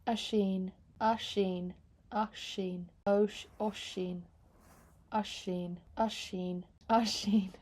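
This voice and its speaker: A woman's voice: mid-range voice, steady tone, very slow, a little mellow. A woman in her twenties talking casually to camera from her bedroom floor as a book vlogger, rambling, joking at her own expense and swearing freely. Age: 20s. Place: bedroom floor, hot room.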